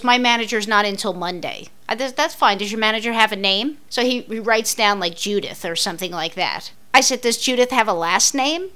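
A woman's voice: mid-range voice, a bit bright. A woman casually retelling a frustrating errand to her co-host, acting out both sides of the argument. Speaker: co-host telling a story. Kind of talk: casual storytelling chat.

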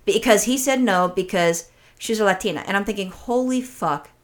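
Woman podcast host ranting and telling stories, lots of swearing, animated. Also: medium pitch, brisk. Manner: profane, animated storytelling. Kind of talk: casual chat.

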